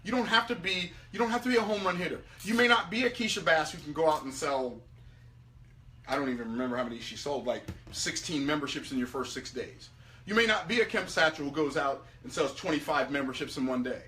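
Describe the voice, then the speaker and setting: A man coaching his members in a live video pitch, energetic and repetitive, often restarting his sentences. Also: fast, faint music behind. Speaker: business coach.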